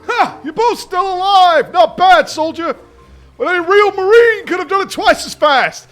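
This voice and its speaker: A bellowing, insult-spitting drill sergeant, put on by a man reading game lines aloud. The voice is high, bright and forceful, shouting orders at recruits in a gruff game scene. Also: measured pace, faint music behind. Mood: berating. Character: harsh foul-mouthed male drill sergeant, bellowing.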